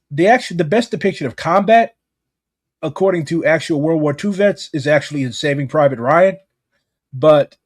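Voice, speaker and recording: Brief: heated, profane American man, husky tone, casual podcast chat. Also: a little high, a little mellow, no room sound, clean studio sound. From United States. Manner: blunt, profane, heated rants.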